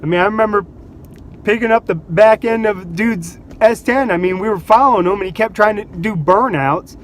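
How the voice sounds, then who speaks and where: A man with a fairly high voice tells casual stories to the camera. He is animated, laughs often and slips into voices for the people in his stories. There is a faint hum of outdoor traffic behind him. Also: brisk. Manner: animated, laughs between anecdotes, acts out quotes. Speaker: vlogger. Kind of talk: casual storytelling.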